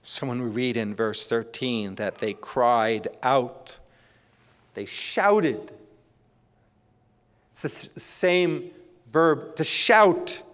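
A man's voice: medium pitch, extremely slow, pauses often. A male pastor preaching a sermon to his congregation, emphatic, repeating phrases and often restarting his sentences. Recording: long hall reverb.

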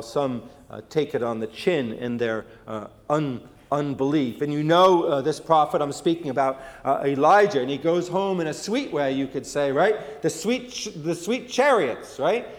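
A man's voice: fairly high pitch, in a large hall. A man preaching a sermon in a folksy, conversational storytelling way, with many fillers and restarts. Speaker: pastor.

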